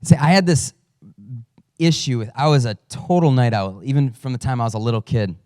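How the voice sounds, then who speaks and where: A man's voice: medium pitch, brisk, warm tone, dry recording, clean studio sound. A man who is a father, a pastor giving a conversational sermon with storytelling and self-deprecating humor. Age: adult father.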